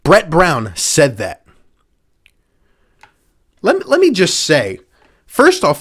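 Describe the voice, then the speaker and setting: Heated male sports ranter, lively pitch. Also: takes it slowly, long pauses, breathy edge. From Philadelphia area. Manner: exasperated, sarcastic, repeats himself for emphasis. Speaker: sports podcast host. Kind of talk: angry sports rant.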